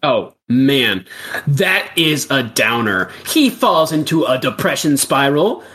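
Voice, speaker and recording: An improviser spins an absurd musical plot, dropping deadpan asides between quick jokes. The voice swoops through a lively pitch range.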